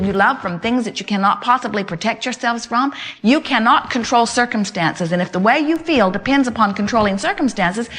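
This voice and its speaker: A woman with a slightly high voice leads a motivational talk at a live gathering. She speaks emphatically, always as "we". She repeats key phrases and builds her points into long step-by-step chains. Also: fairly bright tone. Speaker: inspirational speaker.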